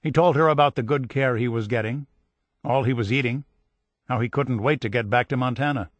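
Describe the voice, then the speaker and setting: A man narrating a war history audiobook in a measured storytelling voice of middle pitch. He lifts the energy when voicing dialogue. The studio sound is dry and close. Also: dry recording. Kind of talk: scripted narration.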